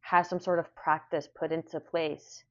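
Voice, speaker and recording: A woman's voice: deep voice, level tone, normal speed, muffled recording. A woman giving a casual spoken tarot reading, repeating phrases in a soothing, affirming way. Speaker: tarot reader.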